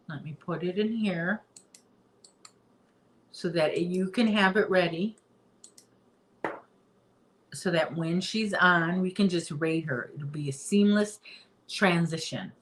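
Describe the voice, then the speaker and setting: A woman's voice: fairly low pitch, fairly bright tone. A woman hosting a casual livestream chat from her home, chatty and reading viewer comments aloud. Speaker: livestream host.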